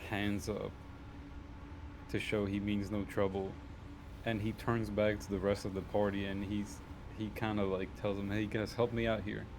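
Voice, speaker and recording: A man's voice: fairly low pitch, monotone, measured pace, background noise. A man playing in a tabletop role-playing game, describing his character in a laid-back way. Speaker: player.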